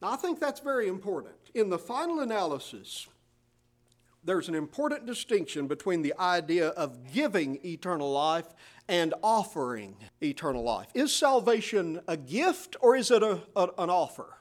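A middle-aged male pastor delivering a sermon with a slightly higher-than-usual voice. He preaches with strong emphasis, reading scripture aloud in old-fashioned wording between his own explanations. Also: very animated, normal speed.

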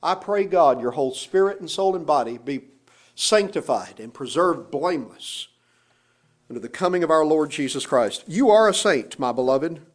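A man's voice: a little high, lively intonation, normal speed. A middle-aged man, a pastor, preaching a sermon with rising emphasis and pointed rhetorical questions.

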